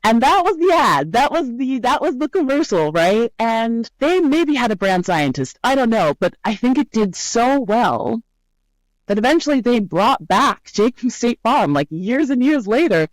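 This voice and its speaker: A woman's voice: on the high side, a little slow, no room sound, low-quality recording. A woman guest on a podcast interview who tells stories with energy and often checks in with "right?". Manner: lively storyteller, often adds "right?". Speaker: guest, brand scientist.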